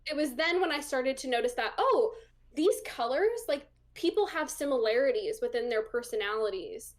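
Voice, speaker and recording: A woman's voice: sits high, expressive, normal speed. A young woman, a guest on an interview show, chatting casually through a personal story with lots of ums and likes. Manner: chatty, full of ums and likes, laughs often.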